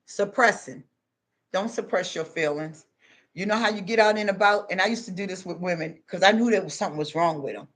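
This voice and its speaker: A woman's voice: on the low side, a little fast. Emphatic middle-aged woman giving advice. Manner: emphatic, repetitive, preachy. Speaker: advice vlogger. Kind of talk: casual advice monologue.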